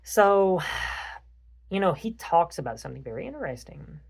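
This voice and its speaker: A man hosting a casual chat, telling rambling, animated stories and swearing freely. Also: a little high, normal speed, creaky. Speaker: podcast host.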